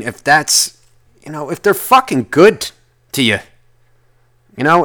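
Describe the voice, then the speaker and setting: Male podcast host, solo rant, middle pitch, animated delivery, heavy profanity. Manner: profane, rambling, swears constantly. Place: lives in the United States.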